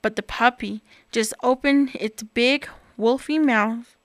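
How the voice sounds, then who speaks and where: A woman with a high, bright voice reads a children's picture book aloud, unhurried and expressive. The sound is close and dry, with no room echo. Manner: expressive, animated reading. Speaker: storyteller.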